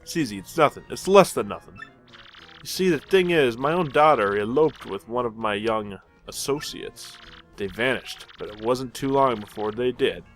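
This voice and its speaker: A man voicing a gruff, domineering mobster boss with a put-on tough-guy accent, reading game dialogue aloud. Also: mid-range voice, expressive, normal speed, faint music behind, natural voice. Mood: scheming.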